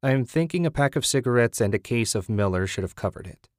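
A man's voice: medium pitch, animated, a little fast, no echo, clean studio sound, natural voice. A man voicing a wry, teasing wife. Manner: sarcastic, needling. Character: wry, teasing married woman.

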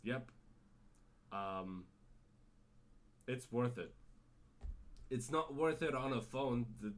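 A man with a British-leaning accent that slips toward American now and then hosts his own podcast. He rambles excitedly, swears freely and keeps restarting his sentences. His voice sits at an ordinary middle pitch for a man. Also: slow pace. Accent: British-leaning, sometimes drifting American. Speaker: podcast host. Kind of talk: casual solo podcast monologue.

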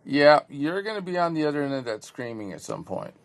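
A man's voice: on the high side, big pitch swings, fairly quick. A middle-aged man co-hosting a podcast, chatting casually and joking, often restarting his sentences. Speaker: podcast co-host. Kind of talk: casual chat.

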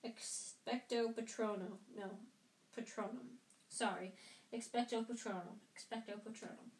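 A woman's voice: a little high, steady tone, a little slow, a little mellow, lightly acted. A woman voicing an eager teenage boy wizard who talks earnestly. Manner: earnest, trying hard. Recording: roomy echo.

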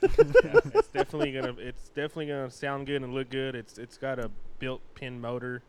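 A man's voice: medium pitch, big pitch swings, a little fast, a crowd in the background. Laid-back man rambling as a podcast guest. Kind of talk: casual chat.

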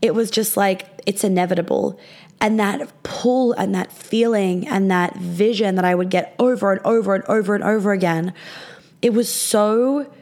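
A woman's voice: mid-range voice, moderate pace, a little mellow. A young adult woman hosting her own podcast from her apartment, chatting casually, swearing often, with many fillers. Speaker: podcast host and business coach.

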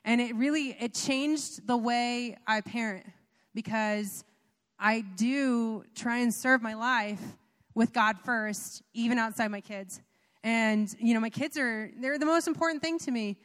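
A woman's voice: fairly high pitch, measured pace. A young woman giving a chatty, personal testimony during a sermon, full of fillers and little laughs. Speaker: pastor's wife sharing testimony. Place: church sanctuary. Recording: reverberant church hall.

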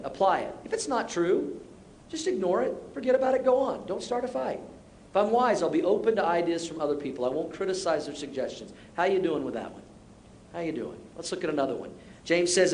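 High-voiced pastor preaching in a roomy church. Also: male voice, big pitch swings, a little fast, a little mellow. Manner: conversational, self-deprecating humor with repeated short exhortations. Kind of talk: sermon. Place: church sanctuary. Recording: roomy church sound with faint rumble.

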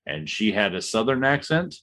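A man's voice: on the low side, very animated, normal speed, a bit bright. A man co-hosting a casual movie review podcast, arguing his side hesitantly with restarts and sheepish laughs. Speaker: podcast co-host.

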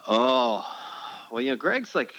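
A man's voice: mid-range voice, very animated, slow, fairly bright tone, muffled recording. A middle-aged man answering questions as a guest in a casual podcast chat, laughing often and rambling through his answers.

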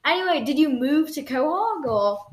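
A woman hosting an improvised comedy podcast, talking in a high voice. She rambles and stumbles through her explanations, and the room around her is echoey. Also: lively intonation, darkish tone. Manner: rambling, halting, lots of fillers. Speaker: podcast host.

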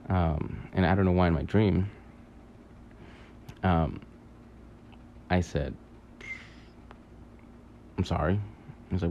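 A man telling a long dream story in a halting, rambling way, full of fillers, restarts and casual swearing. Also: deep voice, fairly even intonation, creaky, dark tone, highs cut off, slight background noise. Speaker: podcaster recounting a dream.

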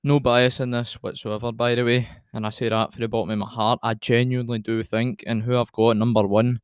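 A young Scottish man co-hosts a podcast in a loose, rambling chat, often breaking into laughter. His voice is smooth and clear. The recording is dry and close, with no room sound. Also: mid-range voice, level tone, fairly quick, no room sound. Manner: chatty, laughs a lot, rambling. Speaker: podcast co-host. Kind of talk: casual chat.

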